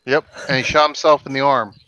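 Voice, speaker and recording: A man's voice: medium pitch, fairly even intonation, fast, bright, forceful tone, smooth, rough recording. A man in casual streamed chat, bringing up news headlines with a laugh.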